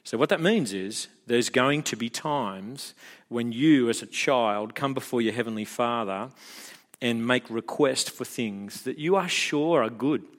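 A man's voice: medium pitch, measured pace. A middle-aged man with an Australian accent preaching a sermon in a chatty, joking way, often stumbling and repeating words. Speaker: pastor. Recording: long hall reverb.

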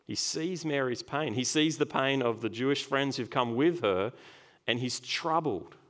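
A man preaching a sermon, earnest and emphatic, slowing down to stress key phrases. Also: mid-range voice, fairly bright tone.

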